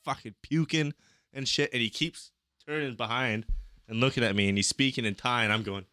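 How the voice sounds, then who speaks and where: A man's voice: medium pitch, fairly quick, clean tone, no room sound, clean studio sound. A young adult man on a podcast, telling a story in casual chat, swearing freely and acting out the people in it. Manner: profane, animated storyteller.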